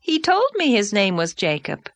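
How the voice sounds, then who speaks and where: A woman's voice: medium pitch, huge pitch swings, moderate pace, no echo. A weary young schoolteacher, as a woman reader puts her on, answering in a polite, hesitant, slightly breathless way. The voice stays close to the reader's own, in a dry, close storybook reading. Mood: flustered.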